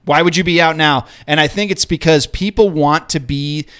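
A man's voice: fairly high pitch, moderate pace, a bit bright. A man hosting a casual podcast, rambling and profane as he voices strong opinions. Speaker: podcast host. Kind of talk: casual chat.

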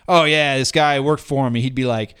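Smooth-voiced man, profane rambling podcast chat. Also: medium pitch, steady tone, moderate pace, a bit bright. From Denver area. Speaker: podcast co-host. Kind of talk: casual chat.

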